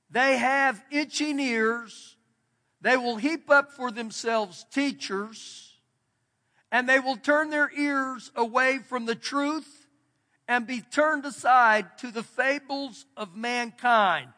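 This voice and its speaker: A man's voice: extremely high pitch, slow pace, sharp tone. A man pastor giving a sermon in a church, preaching in an emphatic, folksy way. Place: church sanctuary. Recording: long church hall reverb.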